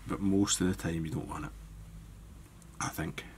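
A man giving a relaxed step-by-step fly-tying tutorial, thinking aloud as he works. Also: low-pitched, fast talker, a little hiss or hum.

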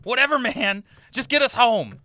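A man's voice: very high voice, lively intonation, moderate pace, no echo, voice pushed up, full character voice. A man reading the part of an irritable, swearing adult male passenger in a comedic script read-through. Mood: annoyed. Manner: swearing, yelling, bossy.

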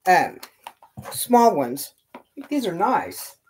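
A man's voice: high voice, sing-song, takes it slowly, husky. A man chatting casually as he opens fan mail on his knitting vlog, gushing and thinking aloud. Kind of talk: casual unboxing chat.

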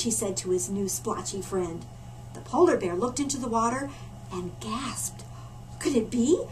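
A woman storyteller reading a picture book aloud to children in a library, animated and stopping for asides to her listeners. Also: mid-range voice, normal speed. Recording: distant mic with faint room noise.

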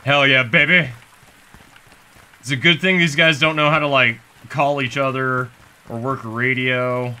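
A man giving comedic let's-play commentary as a gaming video host, goofy and sarcastic, swearing and getting excited as he plays. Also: mid-range voice, unhurried, clear, resonant tone.

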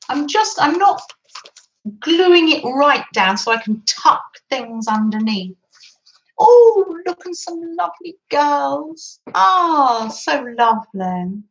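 A craft vlogger chats through a session at her desk, gushing over papers and cooing about how lovely everything is. Her voice sits high, and the audio from the camera on her desk is poor.

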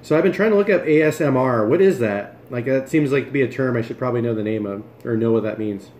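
A man's voice: mid-range voice, quick pace, a little mellow, echoey room, slight background noise. A man hosting a casual cooking livestream from his home kitchen, chatting and joking as he moves around and eats. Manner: chatty, jokey, talks while moving and chewing.

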